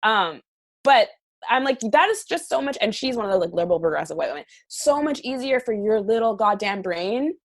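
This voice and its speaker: A woman's voice: a little high, lively intonation, brisk, no room sound. A woman from Canada, a podcast guest, speaking bluntly and emphatically in a candid interview, swearing freely.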